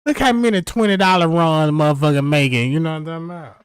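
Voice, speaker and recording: High-voiced man rambling on a livestream. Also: fast, smooth, dry recording, clean studio sound. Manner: loose, profane, rambling, keeps asking "you know what I'm talking about". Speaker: livestream host. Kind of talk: rambling comedic storytelling on a livestream.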